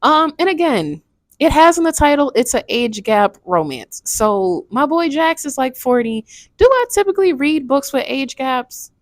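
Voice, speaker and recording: Twenties woman, casual book-review vlogger, swings up and down in pitch, candid and rambling. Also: big pitch swings, moderate pace, no echo, clean studio sound. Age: 20s. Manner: frank, rambling, swears casually.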